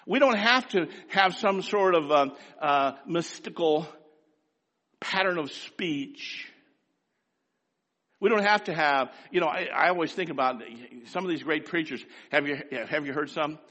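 Scratchy-voiced guy preaching, high lively voice, bright edge, big hall echo. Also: unhurried. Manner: animated, swings from quiet asides to loud exhortation. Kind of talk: sermon.

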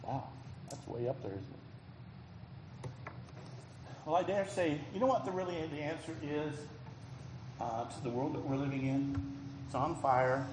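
Man, pastor, sermon, folksy, emphatic, slightly high voice, echoey hall. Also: measured pace, long pauses. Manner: folksy, emphatic preaching with sudden loud swells. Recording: echoey hall, faint background noise.

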